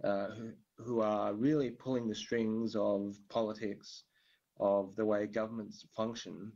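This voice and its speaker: A man's voice: on the low side, little pitch movement, unhurried, warm tone. A man talking politics casually, rambling with many fillers and the odd curse word. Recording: dull lo-fi recording.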